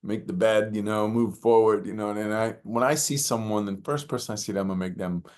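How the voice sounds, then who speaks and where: A man as a podcast guest, telling reflective personal stories with animated, acted-out moments and many "you know" fillers. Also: on the low side, brisk. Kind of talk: reflective storytelling in conversation.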